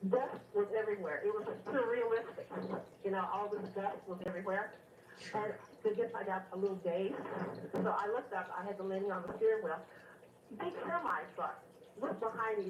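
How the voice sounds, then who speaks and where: A woman calling in to a radio show, telling a long story in a rambling, animated way with many fillers. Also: mid-range voice, reverberant, far from the mic, lo-fi sound, a little hiss or hum. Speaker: caller. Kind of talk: phone-in storytelling.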